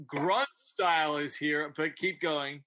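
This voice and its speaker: A man's voice: on the high side, fairly even intonation, takes it slowly, sharp tone. A man co-hosting a casual chat, cracking jokes and interjecting with laughs. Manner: jokey, interjecting, laughs often. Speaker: co-host.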